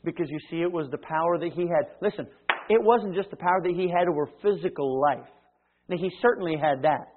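A man preaching a sermon, swinging from loud emphatic lines to hushed ones and acting out little dialogues. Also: on the high side, fairly quick. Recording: tinny phone-like sound.

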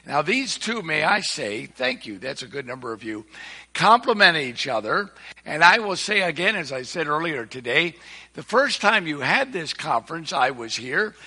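A man's voice: a little high, very animated, moderate pace, bright, forceful tone. An older man preaching a sermon in a church, folksy and earnest, with rising emphasis. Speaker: visiting preacher. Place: church sanctuary. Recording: echoey hall with long reverb.

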